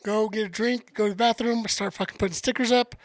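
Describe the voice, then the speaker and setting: A man's voice: sits high, steady tone, quick pace, no room sound. A man co-hosting a podcast, telling a story in laid-back casual chat with casual swearing. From United States. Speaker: podcast co-host.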